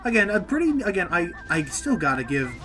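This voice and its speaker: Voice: mid-range voice, very animated, fairly quick. A player chatting casually while playing, explaining what happens in the game. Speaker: player and commentator. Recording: game music under voice. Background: game music.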